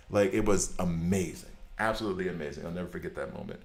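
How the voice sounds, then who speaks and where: A man with a low, deep voice chats casually while playing a game and drifts into long, animated tangents. His voice rings in an echoey room. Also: fast. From United States. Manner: animated storyteller, rambling tangents. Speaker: gaming streamer. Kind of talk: casual chat while gaming.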